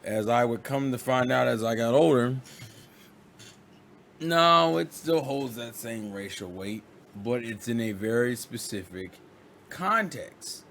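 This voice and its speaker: A man vlogging in a casual monologue, rambling and animated, often restarting and acting out quotes. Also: mid-range voice, slow, gravelly, a little hiss or hum.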